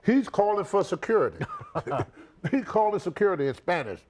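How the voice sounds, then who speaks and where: A man's voice: high-pitched, brisk. An older man, a retired wrestler recounting a story in a shoot interview, repeating words and acting out the people in it. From United States. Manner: animated storyteller, repeats words, acts out others.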